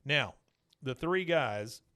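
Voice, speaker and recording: A man's voice: mid-range voice, takes it slowly. A man hosting a podcast, casually recapping an episode and animatedly acting out quotes. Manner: animated storyteller, acts out quotes. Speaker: podcast host.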